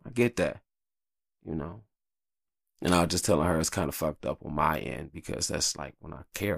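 Low gravelly man, rambling podcast talk. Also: no echo, studio quality. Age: adult, married with kids. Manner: rambling, profane, animated, jumps into high-pitched quoted voices. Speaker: podcast host. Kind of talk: casual solo podcast monologue.

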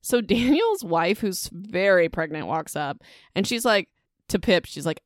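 A woman's voice: on the low side, lively intonation, measured pace, dry recording, studio quality. A young woman casually retelling a novel's plot as a podcast host, chatty and emotional, with lots of fillers and side comments. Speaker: podcast host recapping a book. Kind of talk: casual book recap chat.

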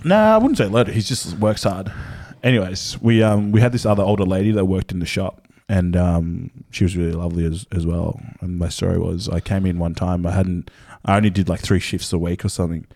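Relaxed man telling a story. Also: sits low, fairly quick, hardly any pauses, no room sound. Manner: laid-back, laughs through his story. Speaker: podcast guest. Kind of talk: casual storytelling.

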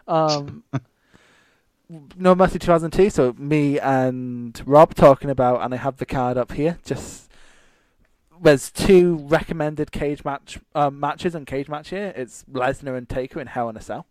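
A man's voice: a little high, a little slow, darkish tone, no room sound. Scottish male podcast co-host; rambling, laughing delivery; dry recording. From Scotland. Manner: rambling, laughing often, self-interrupting. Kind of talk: casual chat.

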